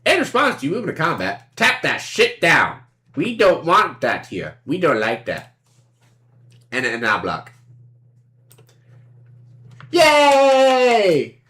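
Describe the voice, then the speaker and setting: A woman's voice: deep voice, huge pitch swings, slow, pauses often, a bit bright. A woman streamer giving casual commentary on a card game, playful and sarcastic, acting out both sides of the table and swearing freely.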